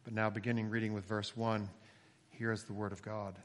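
A man's voice: fairly low pitch, little pitch movement, a little fast. Man preaching in a reverberant hall. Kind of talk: sermon with scripture reading.

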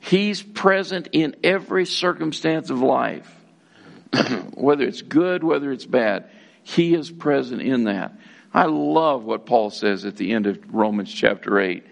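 A middle-aged man delivers a sermon with a gravelly edge to his voice. He preaches earnestly, piling up repeated words for emphasis and calling his congregation folks. His pitch sits at an ordinary middle level for a man. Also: lively intonation, measured pace. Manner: addresses listeners as folks, occasional restarts. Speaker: pastor.

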